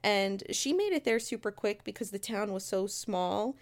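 A woman's voice: medium pitch, lively intonation, moderate pace. A woman casually telling a true-crime story, chatty and conversational, with asides to her listeners. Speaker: storyteller host.

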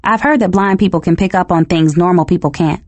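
A woman's voice: lowish voice, fairly quick, darkish tone, no room sound, natural voice. A woman voicing an innocent, enthusiastic teenage girl in a storybook reading, speaking earnestly. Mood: curious.

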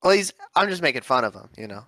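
A man's voice: medium pitch, big pitch swings, fast talker, bright, forceful tone, no echo. A young man co-hosting a casual podcast, telling stories with a jokey, mocking edge. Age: young adult. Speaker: podcast co-host.

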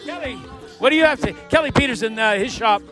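A very high-pitched man talks quickly as host of a loose podcast among friends, set in a garage shop with music in the background. He cracks jokes and rambles while interviewing his guests in this party-style chat.

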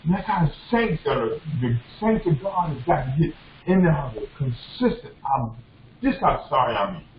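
A man's voice: on the high side, sing-song, normal speed, a little hiss or hum. A man preaching a sermon as a bishop, impassioned and repetitive, often calling out to the congregation. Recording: echoey dull lo-fi room recording.

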